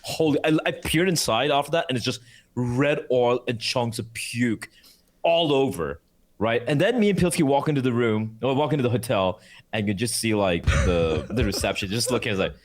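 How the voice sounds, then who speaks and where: A man tells a rowdy story in a casual chat, and his pitch swings widely as he goes. He swears freely and jumps into loud, high voices to act out other people. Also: moderate pace. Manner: animated, swears a lot, acts out voices with high shouts. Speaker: co-host of esports talk show.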